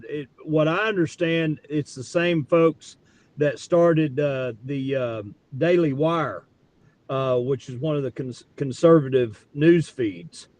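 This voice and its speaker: A male guest in a talk show, speaking haltingly with many fillers. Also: on the high side, darkish tone. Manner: halting, full of fillers and restarts. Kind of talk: casual political chat.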